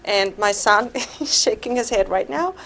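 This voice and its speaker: A woman's voice: mid-range voice, animated, unhurried, a bit bright, slight background noise. Austrian lady, middle-aged, chatty club speech about growing up, laughs a bit. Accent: Austrian German. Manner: conversational, laughs while telling stories. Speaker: club speaker. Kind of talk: personal speech at a meeting.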